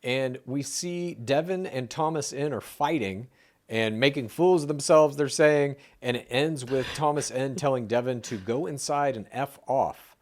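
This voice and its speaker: A man co-hosting a podcast, recapping a reality show episode in casual, joking chat. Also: mid-range voice. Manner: animated, joking, quick asides. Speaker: podcast co-host.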